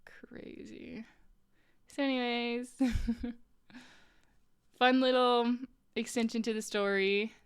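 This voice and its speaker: A fairly high-voiced woman streams from home while she crochets, chatting casually with her viewers. She talks in an incredulous, gossipy way, laughs often and leans on filler words. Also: fairly even intonation, slow pace, pauses often, clean tone.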